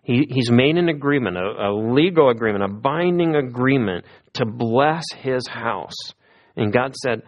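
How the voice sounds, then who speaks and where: A man preaching a sermon as a pastor, in a conversational manner with lively emphasis. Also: mid-range voice, measured pace.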